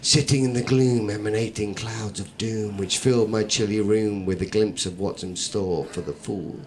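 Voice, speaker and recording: A man's voice: on the low side, fairly even intonation, moderate pace, slight background noise. A man performing a comic poem for a live audience, rhythmic, theatrical and wry. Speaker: comedian and performance poet.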